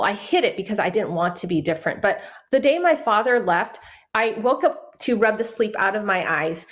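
Earnest middle-aged woman telling her story. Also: mid-range voice. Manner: earnest storytelling, acting out quoted family voices. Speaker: interview guest, soul care minister. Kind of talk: personal testimony in a faith interview.

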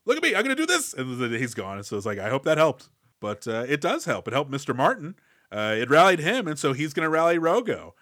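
A man's voice: medium pitch, expressive, fairly quick, a bit bright, no room sound, clean studio sound. A man co-hosting a podcast, recapping a movie with wry, playful quips. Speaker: podcast co-host. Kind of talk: casual movie-recap chat.

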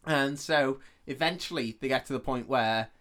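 Male podcast host, mid-pitched, chatty, rambling recap, laughs a lot. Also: normal speed, fairly bright tone. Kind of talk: casual chat.

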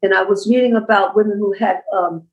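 A woman's voice: medium pitch, fairly even intonation, a little fast, highs cut off. Woman telling a heartfelt story. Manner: heartfelt, emphatic storytelling with repeated phrases. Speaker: holistic healer and author, podcast guest. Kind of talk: personal storytelling in a podcast interview.

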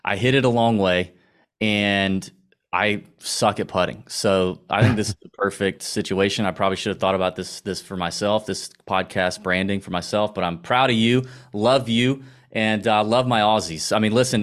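A man in his thirties from Georgia with a Southern accent, chatting animatedly as a podcast guest. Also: lowish voice. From Augusta, Georgia, US. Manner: animated, laughing, quick storytelling. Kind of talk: casual podcast chat.

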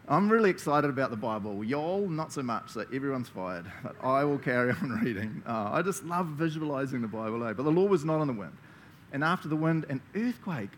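A man's voice: a little high, animated, a little fast, slight background noise. Enthusiastic New Zealand pastor, man. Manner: enthusiastic, chatty, laughs often. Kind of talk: conversational sermon.

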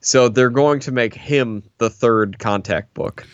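A man with a medium-pitched voice takes it slowly as he cohosts a casual movie podcast, enthusiastic but stammering through restarts. The audio is dull, with no echo.

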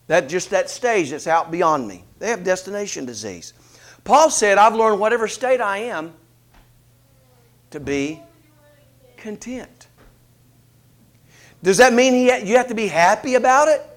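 A man preaching a sermon, asking rhetorical questions in an animated delivery. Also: sits high.

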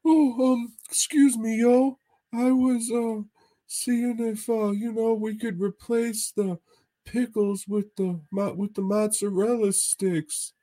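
A man's voice: very high voice, fairly even intonation, slow, mellow, pitched above the performer's own voice, low-quality recording. A man imitating a flustered young man who mumbles, hesitating and tripping over his words. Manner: hesitant, full of uhs.

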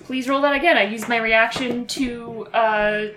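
A woman's voice: fairly high pitch, steady tone, unhurried, fairly bright tone, roomy sound, soft background music, rough recording. A woman playing a tabletop game, making wry quips. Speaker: player.

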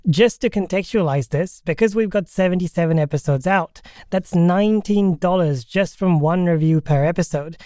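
A man running a tabletop role-playing game podcast as game master, narrating in a relaxed, chatty way. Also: sits high, moderate pace, few pauses, no echo, studio quality.

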